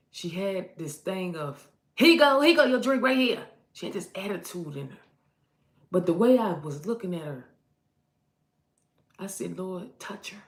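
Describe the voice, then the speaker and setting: A woman preaching prophetic advice in an emphatic way, repeating her points and growing loud when she exhorts. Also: lowish voice, roomy sound. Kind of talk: impassioned street-style preaching.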